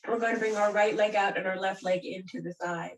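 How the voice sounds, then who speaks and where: A woman teaching a gentle yoga and breathing class, guiding calmly and softly. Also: mid-range voice, fairly quick. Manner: calm, gentle, soothing guidance. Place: room where she does yoga on a mat. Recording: roomy sound from a distant mic.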